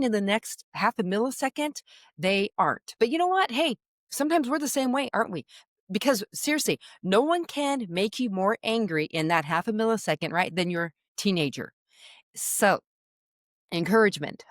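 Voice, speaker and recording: A middle-aged woman giving parenting advice straight to camera in a chatty, animated way, checking in with her listeners again and again. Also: medium pitch, no room sound, clean studio sound. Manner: animated, chatty, keeps checking in with "okay?" and "all right?". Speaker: parenting coach. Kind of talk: direct-to-camera advice talk.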